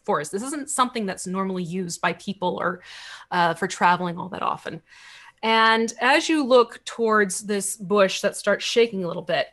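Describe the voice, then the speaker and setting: Young woman game master, relaxed narration, quick and chatty. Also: medium pitch. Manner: quick, casual, with fillers.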